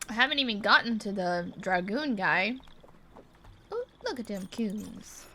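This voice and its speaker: Bright, chatty woman gamer. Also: medium pitch, big pitch swings, a little slow, a little hiss or hum. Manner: chatty, giggly, reads game text aloud. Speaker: gaming video host. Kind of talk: casual let's-play commentary.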